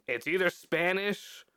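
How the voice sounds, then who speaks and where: A man's voice: sits high, slow pace, clean tone, no room sound. Guy on a podcast, swears a lot, tells work stories, dead dry sound. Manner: animated storytelling, swears freely. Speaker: podcast co-host. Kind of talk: casual chat.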